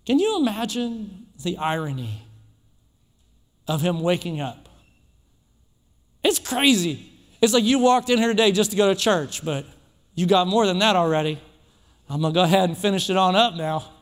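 A man preaching a sermon in a church, emphatic and repetitive, building phrases up toward shouts. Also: high voice, animated, normal speed, long pauses, big-room sound. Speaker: pastor. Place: church sanctuary.

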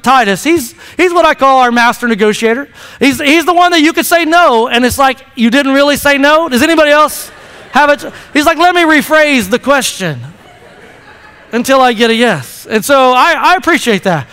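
High-voiced pastor in an echoing sanctuary. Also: male voice, fairly bright tone, clear, resonant tone. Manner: chatty, playful, repeats words when starting sentences. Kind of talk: sermon. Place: church sanctuary. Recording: long hall reverb.

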